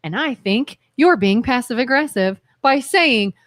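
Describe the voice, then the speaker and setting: A woman co-hosting a radio talk show, chatting casually and quickly, acting out her side of arguments and laughing often. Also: fairly high pitch, animated, a bit bright, no echo. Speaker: co-host. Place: radio studio. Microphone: studio microphone.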